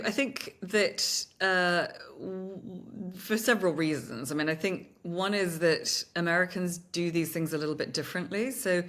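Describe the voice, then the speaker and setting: Woman co-host, low-pitched, lively chatty delivery with dry sarcasm. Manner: chatty, animated, with quick laughs and playful sarcasm. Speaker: podcast co-host. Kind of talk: conversational podcast discussion.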